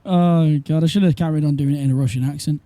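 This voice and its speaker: A streamer giving let's play commentary, reading game text aloud with joking asides. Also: male voice, a little high, fairly even intonation, fast talker, warm tone, dry recording. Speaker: gameplay streamer.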